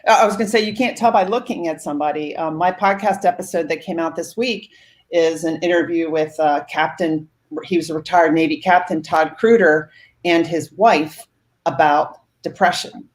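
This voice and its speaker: A woman's voice: deep voice, moderate pace. A woman podcaster speaking as a panel guest, earnest and emphatic. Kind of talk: casual panel talk.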